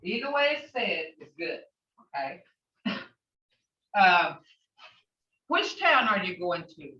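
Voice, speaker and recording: A woman teaching a language class over a video call, patiently saying phrases slowly and repeating them for her students. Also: fairly low pitch, very animated, pushed and bright. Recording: distant, roomy, dull video-call audio.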